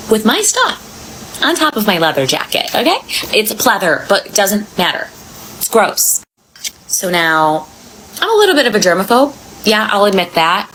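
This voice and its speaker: A woman vlogger telling a travel story in a casual, sassy, animated way, acting out the other people. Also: medium pitch, slight background noise, rough recording. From Miami.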